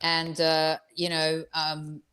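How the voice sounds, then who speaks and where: A woman's voice: low-pitched, monotone, slow pace, crowd noise. A woman giving football predictions as a guest on a video call, thoughtful and hesitant with fillers. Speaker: guest pundit. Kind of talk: casual football chat.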